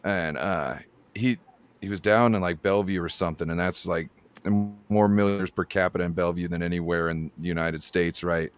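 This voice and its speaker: Lower-voiced man from Washington, rambling crude stories. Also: fairly even intonation, a little fast, smooth. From Pacific Northwest, Washington. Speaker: panel guest. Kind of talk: casual chat.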